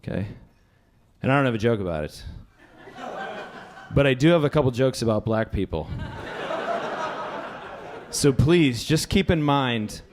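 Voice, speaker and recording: A middle-aged man doing a stand-up set in a comedy club, rambling and self-deprecating, with bursts of shouting. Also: medium pitch, lively intonation, a little slow, long pauses, background noise.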